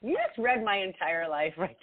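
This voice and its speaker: A woman co-hosting a podcast in casual chat, expressive and laughing often, her voice swinging between loud and soft. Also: mid-range voice, normal speed. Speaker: podcast co-host. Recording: tinny phone-like sound, dry.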